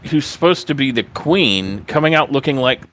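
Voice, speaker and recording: Bright-voiced snarky man podcaster. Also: mid-range voice, expressive, moderate pace, no echo, clean studio sound. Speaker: podcast co-host. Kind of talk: casual podcast chat.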